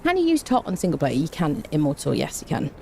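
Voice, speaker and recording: A woman's voice: deep voice, wildly swooping pitch, fast, creaky, warm tone, slight background noise. A woman chatting casually on a gaming live stream, greeting viewers by name and making dry, self-mocking jokes. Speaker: game streamer.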